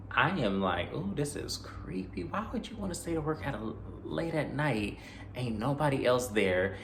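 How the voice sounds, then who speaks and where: Lively low-voiced man recapping a movie. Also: slight background noise. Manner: animated retelling with quoted voices and asides. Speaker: movie reviewer. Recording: echoey room with faint ambience.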